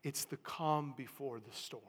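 A man preaching a sermon, swinging from hushed tones to loud emphatic calls. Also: mid-range voice, measured pace, husky, long reverb tail.

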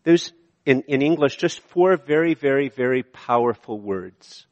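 A Canadian man preaching a sermon, moving between emphatic high points and quiet, slow passages. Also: lo-fi sound. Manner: animated preaching, shifting from emphatic to hushed. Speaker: pastor. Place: church sanctuary. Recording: long reverb of a large hall.

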